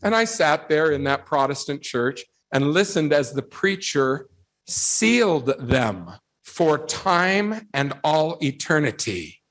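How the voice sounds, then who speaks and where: A man with a slightly higher voice delivers a devotional talk to a young audience. He tells lively stories and keeps asking rhetorical questions. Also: takes it slowly. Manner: animated storytelling, rhetorical questions. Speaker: religious speaker addressing youth.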